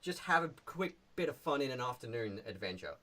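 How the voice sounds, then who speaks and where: A man casually presenting his tabletop adventure on a live stream in a relaxed, rambling way. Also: medium pitch, fairly quick.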